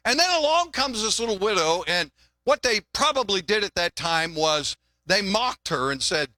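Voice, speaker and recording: An older pastor preaching in a bright, high-set voice. He talks in a folksy, chatty way and often restarts his words. The sound is close and dry. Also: very animated, normal speed, no room sound. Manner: folksy, conversational, repeats words when restarting. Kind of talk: sermon with jokes.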